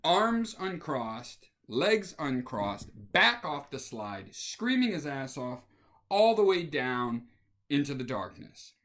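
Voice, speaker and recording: A man's voice: a little high, slow pace, a little hiss or hum. A man telling a casual anecdote, acting out the scenes with voices. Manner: animated, acts out scenes with voices. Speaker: storyteller.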